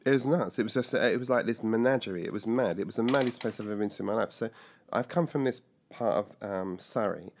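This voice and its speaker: An older man from England recounts his past in an interview, his voice sitting on the low side for a man. He tells it as a vivid, animated story and slips into the voices of the people he describes. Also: fast. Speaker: guest telling his life story. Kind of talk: conversational storytelling.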